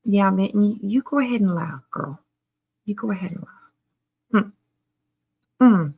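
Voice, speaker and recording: Creaky-voiced sarcastic woman. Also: medium pitch, lively intonation, a little slow, pauses often, darkish tone. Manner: sarcastic, chatty, greets viewers. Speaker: commentary streamer. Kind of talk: casual live commentary.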